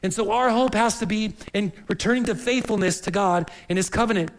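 A man with a high voice delivers a morning sermon. He speaks earnestly and explains as he goes, often doubling words as he reaches for his point. A faint hiss sits under the recording. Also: brisk, low-quality recording. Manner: earnest, repeats words while searching for phrasing. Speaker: pastor.

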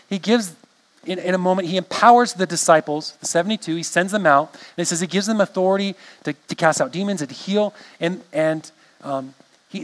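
A pastor preaches a sermon conversationally, often restarting phrases and checking in with his congregation. His voice sits high, and the recording is low quality.

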